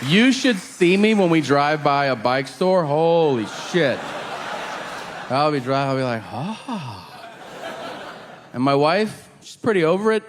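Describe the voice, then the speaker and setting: A man doing live stand-up storytelling, animated and profane, laughing through his punchlines on a large stage. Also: fairly high pitch, moderate pace, crowd noise, noisy background. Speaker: stand-up comedian.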